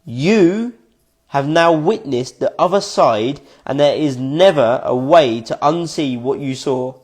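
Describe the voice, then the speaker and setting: Man, casual vlog, reads his notes aloud, reflective, swears, voice on the higher side, giggle fits. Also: animated, takes it slowly, darkish tone. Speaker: vlogger.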